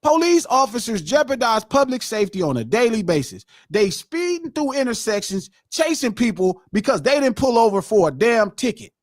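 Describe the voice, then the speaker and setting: A middle-aged man hosts a live podcast in a heated, profane lecture. His voice sits high and leaps up and down with great animation. The sound is dry and close. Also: big pitch swings, normal speed, hardly any pauses, no echo. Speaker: podcast host.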